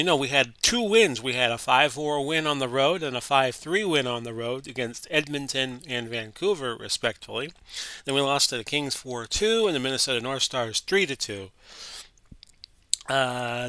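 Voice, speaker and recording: A man's voice: medium pitch, sharp tone, clear, resonant tone, dry recording. A man with a Florida accent casually walking through hockey simulation stats, chatty and correcting himself as he reads. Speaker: host of sports simulation channel. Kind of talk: casual play-by-play of a simulation game.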